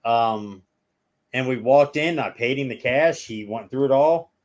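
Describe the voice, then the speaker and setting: A man's voice: mid-range voice, unhurried. A man telling long stories as a guest in a casual chat, rambling and acting out the people in them.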